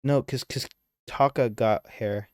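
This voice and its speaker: A man's voice: mid-range voice, takes it slowly, a little mellow, smooth, dry recording, studio quality. A man streaming a game live, reading its dialogue aloud and chatting between lines, easily sidetracked.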